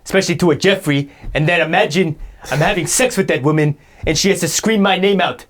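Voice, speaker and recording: A man's voice: on the high side, fast talker, a bit bright, close to an everyday voice. A man playing a boastful, self-pitying guy who rambles indignant complaints in an improvised comedy sketch.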